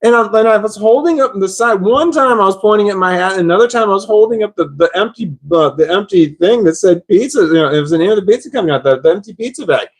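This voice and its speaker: A man recounts a story in loose, casual talk with a high-pitched voice. He rambles and circles back over his own words, dropping swear words along the way. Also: expressive, quick pace, hardly any pauses. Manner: rambling, repeats himself, swears. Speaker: vlogger.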